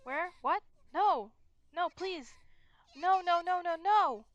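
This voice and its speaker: A woman's voice: high voice, animated, moderate pace, bright, forceful tone, lo-fi sound. A woman voicing a scared, timid teenage schoolgirl. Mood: frightened. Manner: anxious, breathless pleading. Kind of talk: reading game dialogue aloud.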